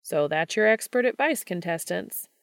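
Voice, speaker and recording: A woman's voice: on the low side, animated, moderate pace, no echo, studio quality. A woman voicing a brash, joking male game show host in a fan story reading. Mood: teasing showman. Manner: teasing, showy.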